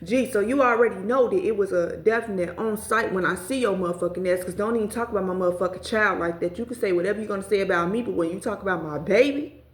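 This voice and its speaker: A woman's voice: medium pitch, fast. Roomy, profane woman telling a storytime. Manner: profane, animated, talks straight to viewers. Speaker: storyteller vlogger. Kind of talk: casual storytime vlog. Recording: roomy echo.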